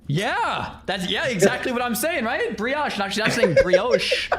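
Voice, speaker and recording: A man from the United States hosting a stream, chatting casually in an animated, playfully teasing way. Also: very high-pitched, unhurried, over a noisy crowd. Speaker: streamer host.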